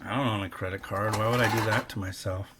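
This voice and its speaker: A man's voice: lowish voice, steady tone, fast talker. A middle-aged man chatting casually in a rambling, wry way while cooking in his home kitchen. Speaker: host. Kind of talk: casual cooking vlog chat. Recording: noisy kitchen with clicks and crinkling.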